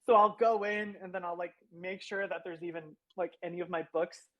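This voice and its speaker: A man's voice: sits high, fairly even intonation, a little fast, muffled recording. A man chatting as an author guest in a casual livestream, bashful and self-deprecating, laughing often.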